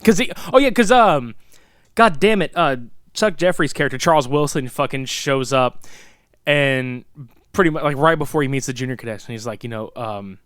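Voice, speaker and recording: A man's voice: mid-range voice, normal speed, clear, resonant tone, no room sound, clean studio sound. A man co-hosting a podcast, chatting casually and profanely about a movie, laughing and quoting scenes. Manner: animated, profane, laughs often, quotes scenes. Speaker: podcast co-host.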